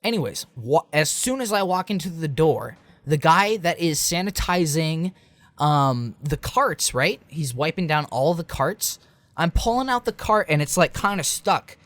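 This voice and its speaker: A man's voice: fairly high pitch, animated, measured pace, fairly bright tone, no echo. A young man talking in a loose late-night video rant, rambling with lots of fillers and restarts. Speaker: game reviewer.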